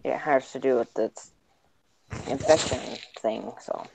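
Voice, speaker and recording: A woman's voice: rumbling low, measured pace, gravelly, mellow, a little hiss or hum. A woman giving plain, matter-of-fact updates in casual chat on a stream. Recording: muffled lo-fi stream audio.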